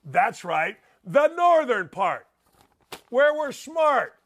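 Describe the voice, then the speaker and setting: Brash high-voiced Indiana talk host. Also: male voice, big pitch swings, takes it slowly, fairly bright tone. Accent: Northwest Indiana. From Northwest Indiana. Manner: brash, mocking, slips into mimicking voices. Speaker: radio show host. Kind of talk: opinionated sports talk monologue.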